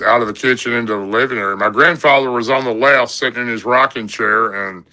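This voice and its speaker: A man's voice: medium pitch, quick pace, bright, forceful tone, rough recording. A man telling a long personal story in a rambling, folksy way, with many "and, uh" fillers, as a podcast guest. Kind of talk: casual storytelling.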